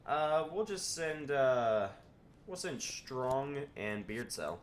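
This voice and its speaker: A man's voice: mid-range voice, slow pace, slight background noise. A man casually commentating a game as he plays, reading the game text aloud and joking about it. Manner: animated, reads game text aloud and jokes. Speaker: streamer.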